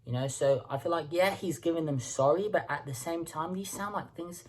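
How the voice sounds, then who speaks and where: A woman's voice: deep voice, a little fast, a little mellow, slight background noise. A woman hosting a music reaction video, talking casually and stumbling over repeated words as she thinks aloud.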